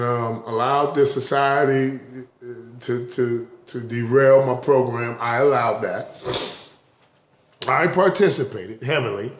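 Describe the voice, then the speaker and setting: Man, rambling vlog talk, stuttering restarts, emotional, echoey room, middle pitch. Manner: rambling, repeats words in restarts; openly emotional, laughing and tearing up. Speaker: vlogger. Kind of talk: casual spoken vlog.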